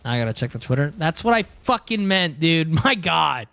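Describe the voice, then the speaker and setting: A man's voice: fairly high pitch, big pitch swings, moderate pace, gravelly, pushed and bright, no echo. A young man streaming a game from home, chatting crudely and joking, saying dude a lot, close on a headset mic. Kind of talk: casual livestream chat while gaming. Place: home room.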